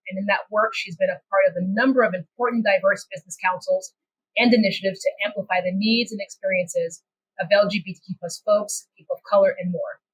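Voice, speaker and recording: A woman with a Texan accent hosts a podcast with an upbeat, chatty manner. Her voice is husky and slightly breathy at a middle pitch. She reads her welcome from a script, then slips into relaxed conversation with her guests. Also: rough recording. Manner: upbeat, chatty, trails into restarts. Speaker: podcast host. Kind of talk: hosting a podcast, scripted intro then casual chat.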